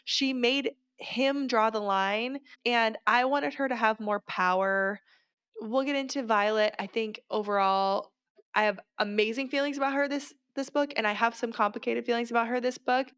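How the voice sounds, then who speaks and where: A woman co-hosting a podcast, talking casually and with animated, exasperated asides. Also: on the high side, moderate pace, clean tone, dry recording. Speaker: podcast co-host. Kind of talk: casual book discussion.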